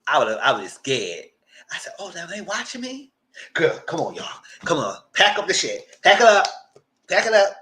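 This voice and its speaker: A man hosting a TV recap channel, retelling a story loudly and dramatically, with swearing and "girl" and "y'all" asides, sometimes squealing high voices for the people he quotes. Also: very animated, normal speed. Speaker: channel host reviewing TV. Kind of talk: animated casual recap.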